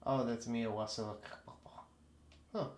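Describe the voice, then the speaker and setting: A young man co-hosts a podcast, his voice medium in pitch with fairly even intonation, a normal pace, and a darkish tone. He rambles through casual chat, laughing often and swearing freely. There's slight background noise.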